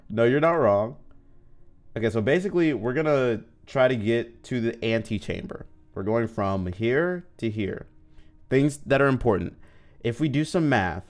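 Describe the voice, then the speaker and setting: A man streaming a video game, chatting casually and joking with his viewers as he plays. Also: lowish voice. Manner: chatty and joking, talks to chat while playing. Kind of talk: casual livestream gameplay chat. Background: faint game music.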